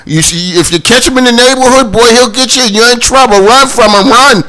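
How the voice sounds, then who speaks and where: A man with a Boston accent hosting a casual talk show, loud, animated and jokey. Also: extremely high pitch, fairly quick. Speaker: host.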